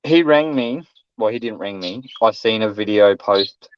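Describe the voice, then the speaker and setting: Aussie bloke telling a story, swears, does the voices, kinda muffled dry audio. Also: male voice, on the low side, unhurried, clean tone, no room sound. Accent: Australian. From Australia. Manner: blunt, swearing, acts out quotes loudly. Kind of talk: casual chat, storytelling. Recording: dull, dry lo-fi sound.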